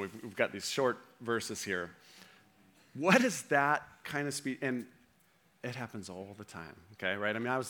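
A man's voice: mid-range voice, pushed and bright. A man preaching a sermon in a conversational way, often checking in with the audience. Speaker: pastor.

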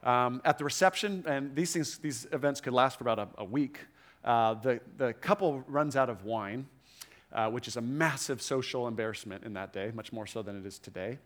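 A man's voice: mid-range voice, moderate pace, fairly bright tone. A middle-aged man preaching a sermon to a room, conversational, with frequent asides and restarts. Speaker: pastor.

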